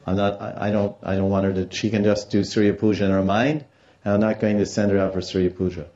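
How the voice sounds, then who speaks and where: A man's voice: lowish voice, level tone, quick pace, dark tone, roomy sound, dull audio, lightly acted. A man voicing a stern, controlling older woman who insistently refuses to let her daughter leave the house. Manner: insistent, repeating herself.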